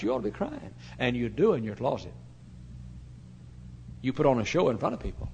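An older man with a mid-range voice and some vocal fry preaches a little fast, pausing at length as he animatedly narrates a story, playing both voices in a conversation and laughing occasionally. Slight background noise sits behind him.

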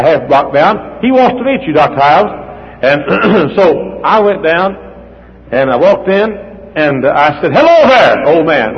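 An older man preaching a sermon as the pastor, swinging from hushed asides to near-shouts as he acts out the people in his stories. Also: a little high. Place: church hall. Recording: dull echoey hall with faint noise.

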